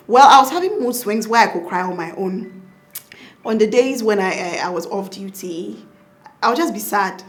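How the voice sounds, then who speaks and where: A young woman doctor with a Ghanaian accent, telling lively stories in a casual interview and laughing often. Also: mid-range voice. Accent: Ghanaian English. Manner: animated, laughing, acts out quotes. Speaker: pediatric doctor and mother, guest.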